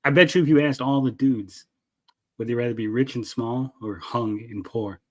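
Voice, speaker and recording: A man's voice: medium pitch, moderate pace. A man in casual podcast chat, laid-back, blunt and joking. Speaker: co-host.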